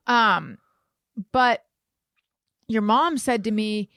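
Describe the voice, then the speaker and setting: A woman co-hosting a casual podcast, telling a story with animated, acted-out quotes. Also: on the high side, slow pace, long pauses, no echo, studio quality. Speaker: podcast co-host. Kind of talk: casual chat.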